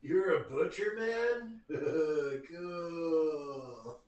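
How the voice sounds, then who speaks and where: A man voicing a laid-back, easily impressed male adventurer who drawls slowly. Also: a little high, darkish tone, muffled recording. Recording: roomy, distant mic.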